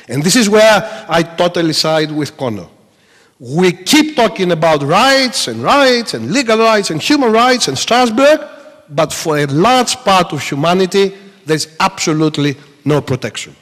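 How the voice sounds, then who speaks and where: Guy in the audience, kinda high voice, earnest and punchy, echoey hall. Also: fairly bright tone. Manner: earnest, emphatic. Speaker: audience commenter. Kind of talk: spoken comment from the floor. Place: large lecture hall. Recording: long reverb of a big hall.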